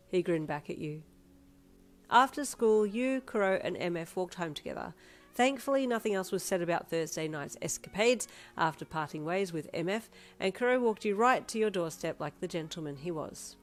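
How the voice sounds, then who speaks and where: Woman, story narration, second person, lowish voice, faint background music. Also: animated, normal speed. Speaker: story reader.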